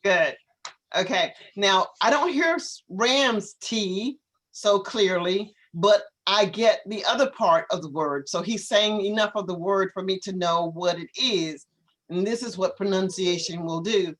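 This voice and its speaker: A woman teaching an online English class, patiently correcting students and modelling words slowly over a video call. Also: medium pitch, a bit bright.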